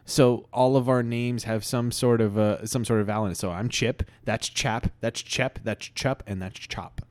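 A man voicing a polite deer-creature father in an improvised comedy podcast story, explaining things matter-of-factly in a slightly low voice. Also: fairly even intonation, normal speed, a little mellow, no echo, lightly acted.

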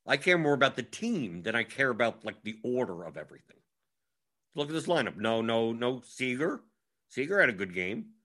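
A man with a medium-pitched, sharp-toned voice swings widely in pitch as he plays a fantasy sports analyst. In a casual strategy breakdown, he thinks aloud while scrolling through lineups, rattling them off in a rapid, scattered way.

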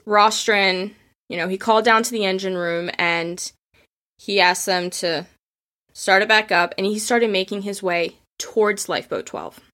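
This history storyteller has a mid-range voice with a fairly bright tone. Her telling is relaxed and full of feeling, and she performs the voices of the figures she quotes throughout her casual spoken storytelling.

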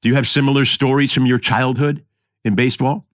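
A man's voice: mid-range voice, fairly even intonation, fairly quick, no echo, studio quality. A middle-aged man from the New York area with a New York accent, hosting a casual podcast conversation and talking in a rambling, reflective way. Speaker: podcast host.

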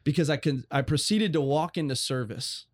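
A man's voice: a little high, moderate pace, dry recording. A young adult man telling a personal faith story as a guest, earnest and rambling with many restarts.

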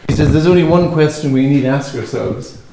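A man with an Irish accent, a native Gaelic speaker, giving a reflective spiritual talk in a musing, gently humorous storytelling manner. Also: a little high, a little fast. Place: hall with a live audience. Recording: very echoey hall, mic far off.

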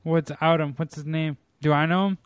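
Smooth-voiced teasing podcast host man. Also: a little high, fairly even intonation, normal speed, no echo. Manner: teasing, crude, joking. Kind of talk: casual chat.

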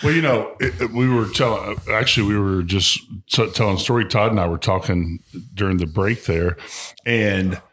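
A man co-hosting a podcast, animated as he tells stories in casual chat, often restarting his sentences. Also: on the low side, normal speed. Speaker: podcast co-host.

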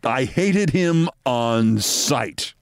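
An older man in his sixties spins a wry, theatrical anecdote as host, his pitch swinging lively up and down. The recording is dry and close, with no room around him. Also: extremely slow, clear, resonant tone, dry recording. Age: 60s. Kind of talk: personal storytelling.

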